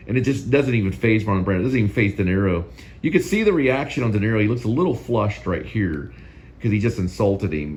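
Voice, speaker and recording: A man's voice: fairly low pitch, darkish tone, a little hiss or hum. A male host giving casual, rambling film commentary that often repeats itself.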